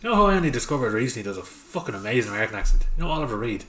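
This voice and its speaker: A man's voice: medium pitch, very animated, racing, fairly bright tone, reverberant. A man, a podcast guest, telling dry, sweary anecdotes in casual chat.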